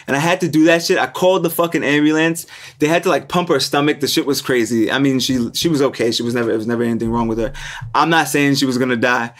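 A man's voice: mid-range voice, fast. A young man hosting a podcast, telling a story casually, swearing freely and voicing the people in it. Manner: animated storyteller, swears freely, voices people in his stories. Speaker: podcast host.

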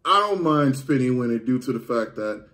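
Excitable, animated man reacting. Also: mid-range voice, normal speed. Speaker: reaction video host. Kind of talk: casual commentary.

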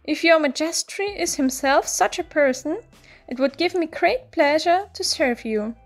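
A woman voicing a bold, eager young male servant who brags and gives brisk orders in a storybook reading. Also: high voice, expressive, soft background music, voice pushed up. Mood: boastful. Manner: brisk, boastful, commanding.

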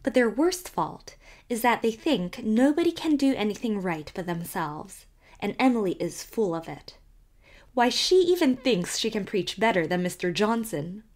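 A woman's voice: medium pitch, expressive, normal speed, darkish tone, pitched above the performer's own voice, lightly acted. A woman voicing a prim, gossiping older village woman who disapproves with tolerant, mock-pleasant airs. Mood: disapproving.

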